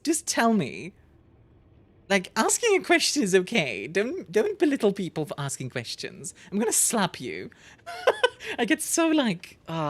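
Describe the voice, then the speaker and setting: A woman streaming a game, talking casually and in an animated way, getting worked up and laughing often. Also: fairly low pitch.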